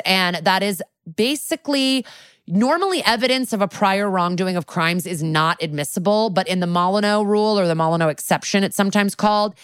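A woman's voice: mid-range voice, clean tone, no room sound, clean studio sound. A woman co-hosting a podcast, chatting casually while recapping a TV episode, swearing freely and saying "like" a lot. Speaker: podcast co-host.

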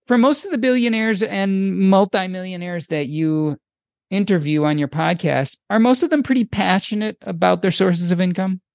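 A male podcast host with a fairly high, gravelly voice that swings up and down as he talks. He sounds upbeat and asks long, probing questions. The sound is close and dry. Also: normal speed, no echo. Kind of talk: podcast interview.

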